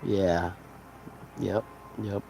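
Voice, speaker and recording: A man's voice: sits low, flat delivery, drawn-out words, creaky, dark tone, slight background noise. A man hosting a podcast, ranting casually in a profane, rambling, heated way. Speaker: podcast host. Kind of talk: casual rant.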